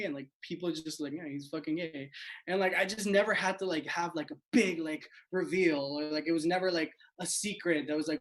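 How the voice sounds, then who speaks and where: A man's voice: high voice, poor audio. A man in his late twenties from South Florida, hosting and telling a self-mocking stand-up story over a video call, full of "like.". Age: late 20s. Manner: chatty, peppered with "like", self-mocking. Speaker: host and stand-up comedian.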